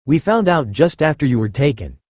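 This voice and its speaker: A man voicing a gentle, earnest male soldier in an audio story. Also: mid-range voice, very animated, a little fast, no echo, clean studio sound.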